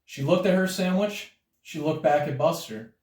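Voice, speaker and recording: A man reading a children's picture book aloud in a lively, expressive way. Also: on the high side, moderate pace. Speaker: storybook reader. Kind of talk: read-aloud children's story. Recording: roomy sound from a distance.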